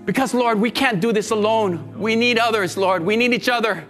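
A man's voice: sits high, moderate pace, a bit bright, faint music behind. A male pastor leading an earnest, pleading prayer during a sermon, often repeating his phrases. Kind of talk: sermon and altar-call prayer.

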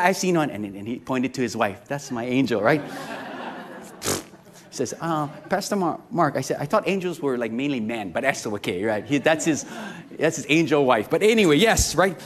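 A man preaching a sermon to a congregation, lively and joking, often asking the crowd questions. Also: mid-range voice. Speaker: pastor.

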